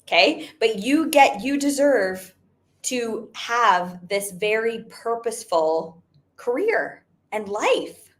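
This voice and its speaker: A young adult woman who owns a network marketing business gives an emphatic motivational talk, speaking slowly in a slightly high, very animated voice. She keeps repeating her points and says "like" a lot.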